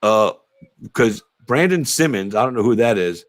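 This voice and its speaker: A man's voice: on the low side, animated, normal speed, no room sound. A man hosting a casual interview show, rambling with lots of fillers, swearing freely and laughing often. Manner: rambling, profane, laughs a lot. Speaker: podcast host.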